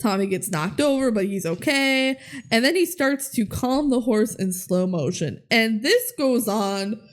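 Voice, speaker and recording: A woman's voice: fairly high pitch, lively intonation, measured pace. A young woman co-hosting a podcast, recapping a movie in casual chat, giggling often and acting out quotes in bouncy voices. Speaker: podcast co-host.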